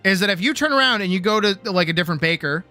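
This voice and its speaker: A man's voice: high voice, animated, racing, pushed and bright, faint music behind. A man streaming art who lectures viewers in a blunt, teasing way, with profanity and playful bravado. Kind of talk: casual live-stream art lesson.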